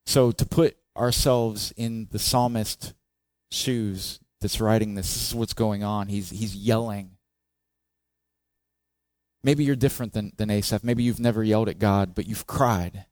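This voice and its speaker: In an unhurried, lowish voice, a male preacher talks to his congregation conversationally, putting questions to them. He performs the psalmist's cries expressively with a raised voice, and the recording is dry.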